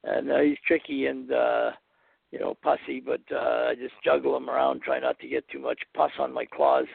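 An older man chatting as a guest, blunt and profane, talking haltingly with many fillers. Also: mid-range voice, expressive, no room sound. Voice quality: gravelly, husky voice. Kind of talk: casual phone chat. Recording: tinny phone line, dry.

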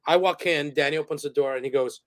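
A man tells a loose story as a podcast guest, rambling through fillers and restarts and breaking into laughs. His voice is a bit high for a man. The sound is close and dry. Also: fast talker, no echo. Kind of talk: casual interview storytelling.

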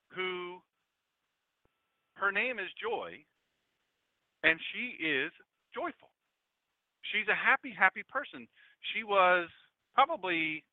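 A man, a pastor hosting an internet radio show, talking in a folksy, animated, conversational preaching style straight to his listeners. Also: high-pitched, no room sound. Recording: dry, phone-like lo-fi line.

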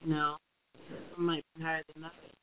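A woman's voice: low voice, level tone, brisk. A woman co-hosting a podcast who gives money advice in a casual, rambling way, full of "you know"s. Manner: rambling, thinks aloud with many "you know"s. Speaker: podcast co-host. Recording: phone-like lo-fi recording.

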